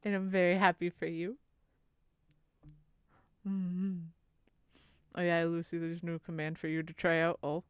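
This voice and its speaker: A woman's voice: fairly low pitch, level tone, a little slow, long pauses, clean tone, no echo, clean studio sound. A woman streamer chatting casually with her viewers, doting and playful, with cutesy internet slang. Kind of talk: casual live-stream chat, reading chat.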